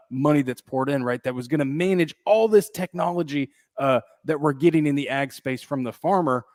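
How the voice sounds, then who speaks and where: A man's voice: medium pitch, no echo, studio quality. A man co-hosting a grain market show, explaining casually and tagging points with "right?". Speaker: grain broker co-host. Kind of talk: market commentary.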